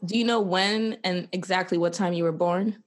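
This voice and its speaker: A woman's voice: on the low side, steady tone, normal speed. A woman from Georgia, co-hosting a podcast in a laid-back way and laughing easily. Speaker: podcast co-host. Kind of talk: casual chat.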